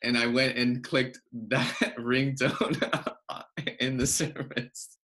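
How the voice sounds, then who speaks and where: A man's voice: medium pitch, steady tone, slow pace, bright, forceful tone. A man hosting an interview, asking long, searching questions full of fillers. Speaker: podcast host, interviewer. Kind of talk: casual interview conversation.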